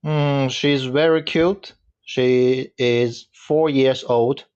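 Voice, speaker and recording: Slow, hesitant man in his thirties, Chinese native. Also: mid-range voice, fairly even intonation, darkish tone, clear, resonant tone. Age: 30s. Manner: hesitant, halting English. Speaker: guest. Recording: dull lo-fi call audio.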